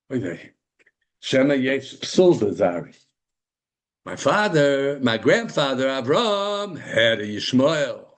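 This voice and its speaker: A man's voice: medium pitch, husky. A man teaching a Torah class to a live group, asking rhetorical questions and answering them himself, with Hebrew terms woven into English.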